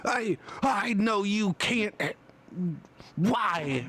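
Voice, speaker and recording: A man's voice: high voice, lively intonation, very slow, a bit bright, a little hiss or hum, voice pushed up, exaggerated voice. A man voicing a tiny, confrontational male golem shopkeeper who mumbles and is hard to understand. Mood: blustery. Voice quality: mumbling, garbled speech. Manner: menacing and blustery.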